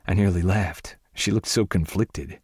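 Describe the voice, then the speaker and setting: A man narrating a first-person audiobook in a steady, wry storytelling manner. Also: sits low, measured pace, husky, no room sound, clean studio sound.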